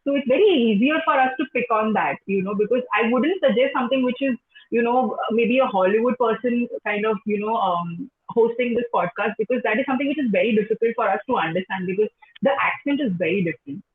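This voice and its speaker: A woman's voice: on the high side, fast. A young woman with an Indian English accent, a teacher answering interview questions in a chatty way, full of "you know". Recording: echoey phone-like call line.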